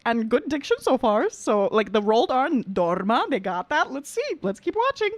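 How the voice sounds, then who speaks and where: Young woman vocal coach reacting, super excitable, voice jumps all over, kinda high, dry close mic. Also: normal speed, dry recording. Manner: excitable, exclaiming, breaks down vocal technique. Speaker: opera singer and vocal coach reacting to a performance. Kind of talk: casual reaction commentary.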